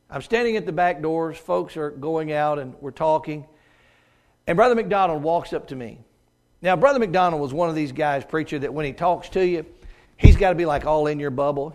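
High-voiced preacher swinging loud and soft. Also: male voice. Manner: dynamic delivery, swinging from loud exclamations to hushed near-whispers. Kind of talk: sermon. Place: church auditorium.

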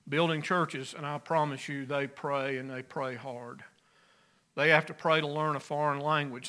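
A pastor preaching a sermon, earnest, rising loud on key phrases and dropping soft. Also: male voice, on the high side.

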